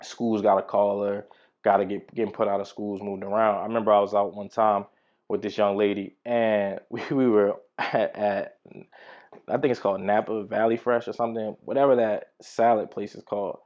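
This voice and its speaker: A man's voice: fairly low pitch, level tone, moderate pace, a little mellow, lo-fi sound. A man teaching from the Bible in a casual, slangy way, telling personal stories. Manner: conversational, slangy storytelling.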